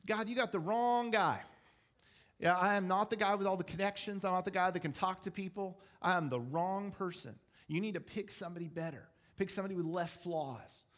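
Preacher voicing a scared young man who thinks he's the wrong guy; anxious, slightly high, pleading. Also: brisk, a bit bright. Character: frightened, self-doubting young man.

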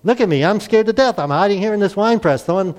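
A preacher voicing a frightened, bewildered biblical farmer who politely protests and doubts himself. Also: male voice, high-pitched, animated, fast talker, darkish tone, pitched above the performer's own voice. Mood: incredulous.

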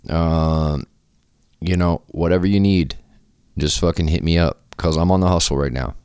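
A young man with a very deep, smooth voice chats loosely and swears freely. He slips into lively quoted voices as he tells his stories, and the sound is dry and close. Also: moderate pace, no echo. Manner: loose, profane, swings into animated quoted voices. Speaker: podcast host. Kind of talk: casual storytelling chat.

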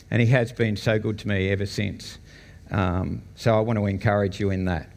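A man's voice: on the low side, fairly even intonation, normal speed. An Australian man giving a casual, storytelling personal testimony to a church congregation, chuckling now and then. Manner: conversational storytelling, chuckles often. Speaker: church guest speaker. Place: church meeting hall. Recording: long hall reverb.

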